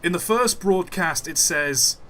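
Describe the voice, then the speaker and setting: Rambling young streamer, bright voice. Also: male voice, high voice, expressive, unhurried, slight background noise. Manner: rambling, musing aside while playing. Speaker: game streamer. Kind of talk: live gameplay commentary.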